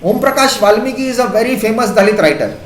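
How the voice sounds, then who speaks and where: A man's voice: very high-pitched, expressive, quick pace, slight background noise. A man with an Indian accent giving an impassioned classroom lecture as a teacher. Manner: impassioned, emphatic. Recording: echoey classroom.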